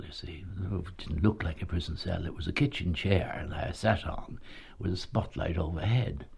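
Older male ex-actor, low gravelly voice, chuckling anecdotal storyteller. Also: lo-fi sound. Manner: chuckling storyteller, says "you see" often. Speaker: former travelling actor. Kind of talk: anecdotal reminiscence.

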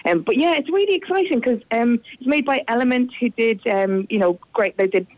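A woman's voice: fairly high pitch, lively intonation, brisk, no echo. A chatty woman, an actress and writer, talking through her projects in an easy interview. She laughs readily between thoughts. The line sounds dull and lo-fi, with a dry, close sound. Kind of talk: casual radio interview chat.

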